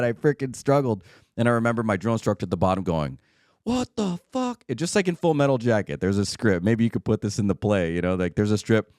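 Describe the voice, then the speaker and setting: A man's voice: low-pitched, a little mellow, no echo, studio quality. A man hosting a solo podcast, talking casually and checking in often with "right?" and "okay?". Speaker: podcast host.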